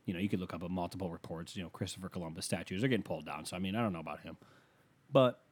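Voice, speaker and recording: A man's voice: low voice, rapid-fire, husky. A man doing a rambling, profane stand-up rant, talking casually and losing his thread at times. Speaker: comedian.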